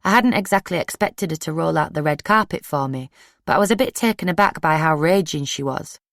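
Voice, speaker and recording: Low-voiced woman, dry close narration. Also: brisk, dry recording. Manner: steady, plain-spoken storytelling. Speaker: audiobook narrator. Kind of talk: first-person true crime audiobook narration.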